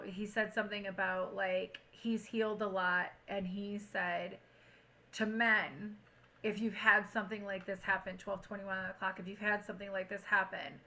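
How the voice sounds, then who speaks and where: A woman giving a casual, chatty tarot reading to camera, frank and quick to swear. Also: medium pitch, bright, forceful tone, low-quality recording. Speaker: tarot reader.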